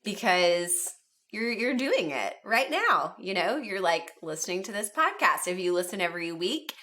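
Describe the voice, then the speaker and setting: A woman's voice: medium pitch, sing-song, moderate pace, pushed and bright. A woman hosting a podcast, speaking in an upbeat, encouraging way. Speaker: podcast host.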